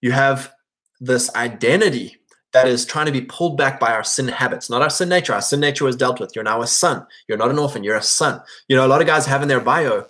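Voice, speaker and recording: A man gives a relaxed, conversational sermon. His tone is earnest and exhorting, and he urges his audience on. He often slips into acting out the prayers he quotes. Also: mid-range voice, fairly quick. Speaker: Christian speaker. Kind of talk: casual sermon.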